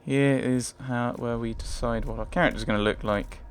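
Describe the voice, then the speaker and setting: A man's voice: medium pitch, fairly even intonation, moderate pace, a little hiss or hum. A man hosting a let's play, thinking aloud in casual gameplay commentary, hesitant and often trailing off.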